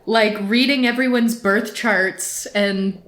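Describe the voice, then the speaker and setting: A woman's voice: mid-range voice, slow pace, fairly bright tone, reverberant. A woman co-hosting a podcast, talking casually and animatedly with exasperation and frequent laughs. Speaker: podcast co-host.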